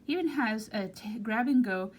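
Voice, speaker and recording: A woman's voice: fairly high pitch, moderate pace. An American woman teaching German, reading German from a textbook aloud and explaining each word plainly in English. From United States. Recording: faint background noise.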